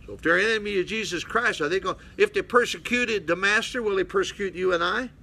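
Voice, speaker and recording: A man's voice: high voice, fast, sharp tone, a little hiss or hum. An older man, a pastor, preaching bluntly to a small mission congregation and calling out to his listeners. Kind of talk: folksy preaching Bible study.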